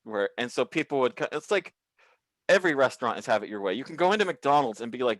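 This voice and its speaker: A comedian telling profane work stories in a casual chat over a video call, acting out the people in them. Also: male voice, mid-range voice, fast, no echo. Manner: profane, animated storyteller who acts out quotes. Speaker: comedian guest.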